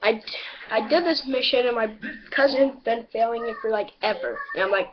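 A man's voice: very high voice, normal speed, background noise. A teenage boy rambling crudely and boastfully in a casual video monologue. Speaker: vlogger. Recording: dull audio with background chatter.

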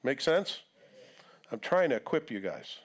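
A man's voice: mid-range voice, wildly swooping pitch, a little slow. A male pastor preaching a live sermon to his congregation in a conversational way, acting out quotes now and then. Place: church sanctuary.

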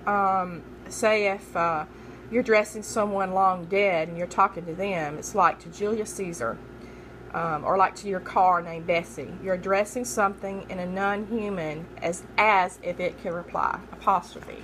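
A woman's voice: on the low side, fairly even intonation, moderate pace, fairly bright tone, a little hiss or hum, poor audio. A young adult woman reading poetry terms aloud as a study guide. She repeats each term, spells names out letter by letter, and stumbles and corrects herself. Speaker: student making a study guide.

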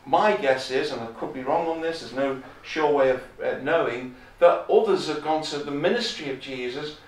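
Male preacher, emphatic and repetitive, slightly high voice, distant mic in a roomy chapel. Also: normal speed. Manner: emphatic, repeats key phrases, quotes scripture in a raised voice. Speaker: visiting preacher. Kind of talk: sermon. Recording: echoey chapel, from far off.

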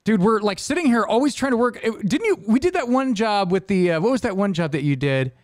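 A young adult man chatting on a podcast in a high, lively voice that jumps around in pitch. He rambles, laughs and acts out what others said. The sound is close and dry, with no room around it. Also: a little fast, dry recording. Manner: rambling, laughing, quotes people in raised voices. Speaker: podcast host. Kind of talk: casual chat.

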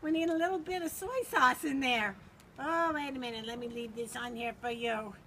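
This older woman's voice sits high and moves at normal speed. Playing host of a pretend cooking show, she does a playful famous-TV-chef impression in her home kitchen, exclaiming in a fluttery way and directing her helper, over loud background noise in the home video.

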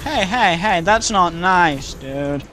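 A woman's voice: lowish voice, lively intonation, takes it slowly, music in the background. A woman in a gaming voice chat with friends, giggling nonstop and teasing the others. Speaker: gamer.

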